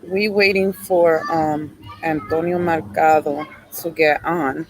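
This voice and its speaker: A woman's voice: low voice, steady tone, slow pace, rough recording. A woman hosting a live stream outdoors by a lake. She chats in a casual, upbeat way, greets viewers by name and talks into a phone. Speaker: live show host.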